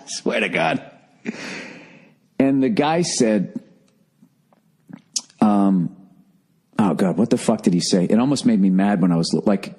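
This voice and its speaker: A man's voice: lowish voice, a little mellow, breathy edge. A man hosting a podcast alone, ranting in an exasperated, profane solo monologue. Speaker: podcast host. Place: alone in a room.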